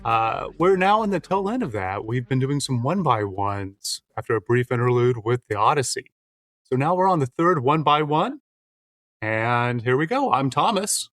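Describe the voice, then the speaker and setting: A man hosting a casual film podcast, his pitch swinging up and down as he talks. He jokes and teases his co-hosts and cuts in with quick interruptions. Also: big pitch swings, fairly bright tone. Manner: teasing, joking, quick interruptions. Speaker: podcast co-host.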